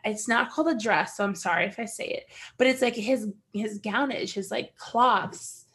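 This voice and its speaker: A woman's voice: a little high, moderate pace. A young American woman on a casual podcast, telling a travel story with lots of laughter and acted-out quotes. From United States. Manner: animated storyteller, laughs often, acts out quotes. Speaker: podcast co-host. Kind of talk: casual chat.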